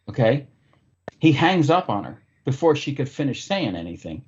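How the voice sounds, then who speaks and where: A man's voice: mid-range voice, moderate pace, slightly rough, highs cut off. A man hosting a podcast, telling stories in casual, profane chat. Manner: profane, animated storyteller. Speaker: podcast host.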